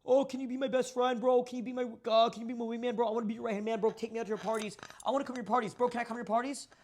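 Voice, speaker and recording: A man's voice: level tone, very fast, a little mellow, slight background noise. A man imitating a needy young male fan who keeps begging to be his friend and wingman. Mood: whiny. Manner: pleading, high and nagging.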